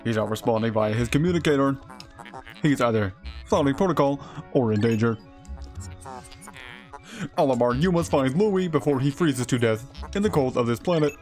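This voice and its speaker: A man putting on a deep formal ship robot. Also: lively intonation, normal speed, pauses often, darkish tone, faint music behind, natural voice. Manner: stiff formal robotic delivery. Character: deep-voiced male ship's robot, formal and dutiful.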